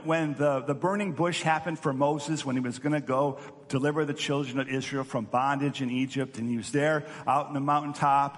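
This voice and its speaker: A male pastor giving an earnest teaching sermon, often repeating words as he restarts. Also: on the high side. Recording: long hall reverb.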